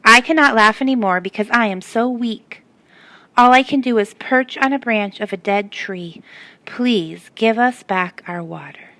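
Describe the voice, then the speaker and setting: A woman's voice: a little high, a little slow, a bit bright, no echo. A woman voicing a weak male kookaburra who pleads for water in a storybook reading. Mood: weary. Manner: weary, pleading.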